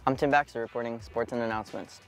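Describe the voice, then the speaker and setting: A teenage boy reading sports and school announcements from a script in a plain, even voice. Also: medium pitch, fast, faint music behind. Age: teens. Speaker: sports reporter.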